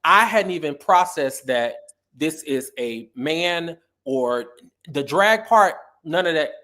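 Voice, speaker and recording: A middle-aged man tells a story with a sassy, animated flair. His voice sits a little high, and he acts out the people he quotes. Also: slow. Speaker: guest. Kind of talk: casual storytelling interview.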